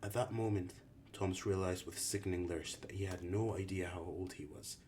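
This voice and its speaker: A man narrates an audiobook in a deep, low voice. His storytelling stays even and steady throughout. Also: moderate pace, a little hiss or hum. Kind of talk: audiobook reading.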